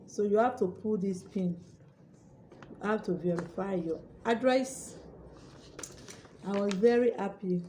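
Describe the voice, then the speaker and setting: A young adult woman YouTuber telling her viewers a story in a casual vlog, acting out her own excited shouts. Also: mid-range voice, slight background noise.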